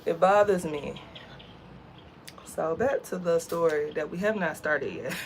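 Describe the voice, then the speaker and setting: A woman's voice: deep voice, a little slow, slight background noise. A young woman from the States telling a story in a chatty, slangy vlog, outdoors. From United States. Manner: chatty, animated, uses slang. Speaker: vlogger.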